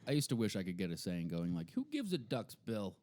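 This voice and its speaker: A man's voice: deep voice, a little fast, no echo. A young man co-hosting a podcast, chatting casually and telling jokes. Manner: joking, lively storytelling. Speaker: podcast co-host.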